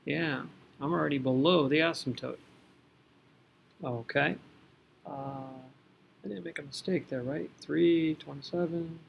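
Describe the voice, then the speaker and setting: A man's voice: fairly high pitch, steady tone, unhurried, creaky, pauses often, dull audio, slight background noise. A man teaching a recorded math lesson, talking through each step and catching his own slips as he goes. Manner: talks through working step by step, self-correcting.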